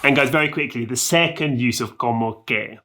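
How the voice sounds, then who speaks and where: A man's voice: medium pitch, fairly quick, pushed and bright. A man giving a casual, upbeat video lesson on Spanish, chatting to viewers with lots of fillers. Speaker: Spanish teacher.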